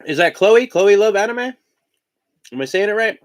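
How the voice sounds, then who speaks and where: Animated breakfast-chatting host from Indiana. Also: male voice, high voice, moderate pace, long pauses. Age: adult parent of young children. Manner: chatty, talks while eating breakfast. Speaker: live-stream host and collector. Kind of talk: casual live-stream chat.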